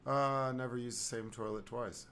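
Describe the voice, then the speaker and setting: A man's voice: medium pitch, fairly even intonation, normal speed, a bit bright, clear, resonant tone. A man hosting a casual podcast, rambling playfully and reading an article aloud with stumbles. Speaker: podcast host.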